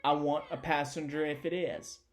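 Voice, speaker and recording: A man voicing a hoarse male messenger calling out urgently. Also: fairly high pitch, steady tone, moderate pace, faint music behind, voice pushed up, close to an everyday voice.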